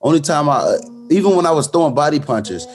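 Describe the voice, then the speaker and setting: A man's voice: on the high side, lively intonation, fairly quick, soft background music. A man, a boxer as guest, telling a fight story in casual interview talk with many restarts and fillers. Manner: many restarts, storytelling, fillers like "you know what I'm saying".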